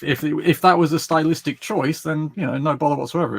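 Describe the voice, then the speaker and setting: Gravelly Englishman hosting a chat. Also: medium pitch, fast, few pauses, no room sound. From England. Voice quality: wry, understated humor. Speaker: writing group host. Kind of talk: casual chat. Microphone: video call.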